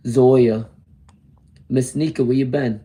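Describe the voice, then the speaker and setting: Man, hoarse, warm low tone, tarot reader, chatty live stream, greets viewers. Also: fairly even intonation, slow pace. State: hoarse from laryngitis.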